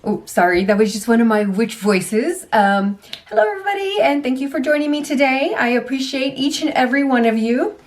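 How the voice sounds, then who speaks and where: A woman's voice: high-pitched, a little fast. Chatty woman unboxing beauty products. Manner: chatty, self-deprecating, laughs easily; frequent ums and trailing asides. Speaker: beauty vlogger. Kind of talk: casual unboxing chat.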